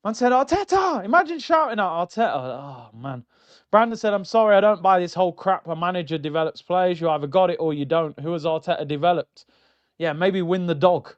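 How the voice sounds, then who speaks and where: Middle-aged guy hosting a fan stream; high-pitched, mocking, slightly dull lo-fi audio. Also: a little fast, smooth. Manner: animated, mocking, jumps into high exclaims. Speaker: football fan channel host reading viewer comments. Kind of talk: casual live-stream rant.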